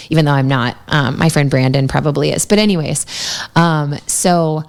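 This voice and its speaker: A young yoga teacher appears as a guest in a podcast studio for a casual interview. She has a low, clean voice with fairly even intonation and a moderate pace, and tells stories chattily with lots of fillers.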